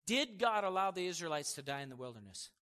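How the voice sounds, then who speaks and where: A man's voice: high-pitched, sing-song, fast talker, sharp tone, long reverb tail. A man preaching a sermon in an emphatic, conversational way, with casual asides to the congregation.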